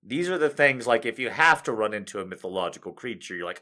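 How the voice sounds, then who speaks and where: A man's voice: fairly low pitch, expressive, fast talker, pushed and bright. A man hosting a comic video, rambling and swearing a lot as he rants and then reads fanfic aloud. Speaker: comedic video host. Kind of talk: comic rant and fanfic reading.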